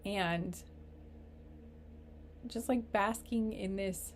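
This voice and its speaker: A woman giving a casual tarot reading, rambling and halting, earnest and openly emotional. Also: medium pitch, slight background noise. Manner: rambling, halting, full of fillers and restarts. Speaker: tarot reader. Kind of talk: casual spiritual reading to camera.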